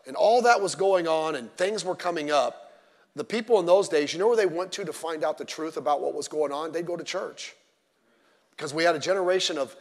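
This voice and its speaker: A middle-aged man preaching a sermon as pastor, animated and digressive, with joking asides. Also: fairly high pitch. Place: church sanctuary. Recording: long church-hall reverb.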